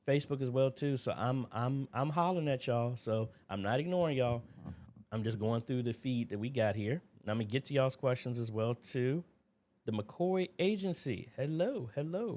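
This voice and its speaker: A man hosting a relaxed livestream from his desk, calling out viewers by name with quick friendly hellos. He slides into walking through a database demo at a loose, conversational pace, with plenty of fillers along the way. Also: mid-range voice. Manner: greets viewers by name, talks through on-screen tech demo. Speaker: livestream host. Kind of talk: casual livestream chat.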